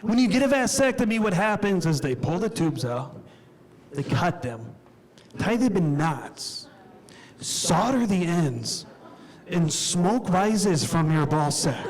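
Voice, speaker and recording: A man doing a stand-up set on a club stage, telling crude, self-deprecating stories in a deadpan way and acting out what people said. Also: high-pitched, slow pace. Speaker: stand-up comedian. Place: comedy club stage before a live audience. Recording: live club recording with crowd laughter. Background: audience laughing.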